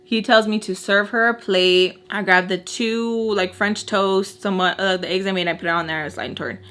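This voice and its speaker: A woman vlogger telling a personal story in casual chat, animated and blunt, swearing and slipping in Spanish words. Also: medium pitch, normal speed.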